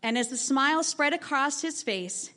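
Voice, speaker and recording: High-voiced woman telling a classroom story. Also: moderate pace. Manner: lively, animated storytelling with acted quotes. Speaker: teacher. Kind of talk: storytelling talk to an audience.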